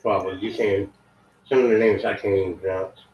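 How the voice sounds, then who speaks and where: A man's voice: on the low side, brisk. A man chiming in casually from across the room with short, offhand remarks. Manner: lively, offhand interjections. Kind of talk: casual off-mic chat. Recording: distant echoey lo-fi room sound.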